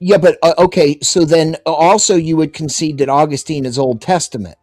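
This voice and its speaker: A man in a live debate, pressing questions in a halting way. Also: on the high side, steady tone, a little mellow, no room sound, faint music behind. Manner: halting, questioning, restarts often. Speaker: debate caller. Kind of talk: argumentative debate.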